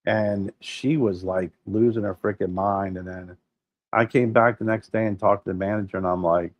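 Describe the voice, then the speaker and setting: A middle-aged man with a fairly low voice co-hosts a casual podcast, speaking at a normal speed on a muffled recording. He's an animated storyteller who swears freely and acts out the people he quotes.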